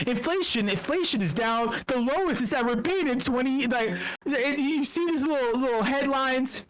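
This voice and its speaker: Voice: high-pitched, moderate pace, few pauses, poor audio. A meetup host ranting about money with a lot of profanity. The host sounds tired, rambles, and keeps stumbling and restarting sentences. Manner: rambling, profane, stammers and restarts, mock quotes. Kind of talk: profane comedic rant on finance. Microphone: computer mic on an online meetup.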